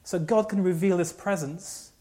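Man preaching a lively sermon. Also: sits high, moderate pace. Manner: animated storytelling with repeated restarts.

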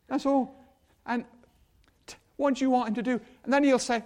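Older man preaching, high voice. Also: fairly even intonation, a little fast, darkish tone. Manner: chatty, acts out quotes in voices. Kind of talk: sermon.

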